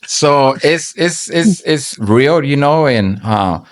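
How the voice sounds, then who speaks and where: A man giving an earnest, halting personal faith testimony as a church member, often restarting his sentences. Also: on the high side, expressive.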